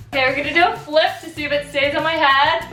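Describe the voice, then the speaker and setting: A woman hosting a casual vlog to camera, bubbly and giggly, often swooping up in pitch with excitement. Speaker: vlog host reviewing a wig.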